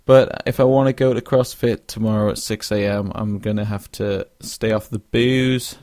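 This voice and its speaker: A man's voice: on the low side, fairly even intonation, moderate pace, darkish tone, dry recording, studio quality. A young man hosting a casual solo podcast, rambling with lots of fillers and restarts and yawning now and then. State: yawning, drowsy. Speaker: podcast host.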